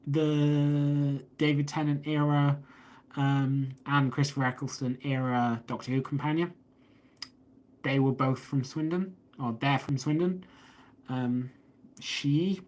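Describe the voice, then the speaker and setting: An English man hosts a casual live stream, talking into a phone he holds up. He rambles from one viewer comment to the next, reading each one aloud before answering it. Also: medium pitch. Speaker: host of a live stream about watches. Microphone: phone held up.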